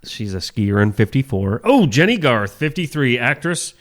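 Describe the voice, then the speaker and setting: Male radio co-host, mid pitch, lively intonation, casual chat. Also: normal speed. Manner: reads birthday list, chuckles, easygoing. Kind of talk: casual morning show banter.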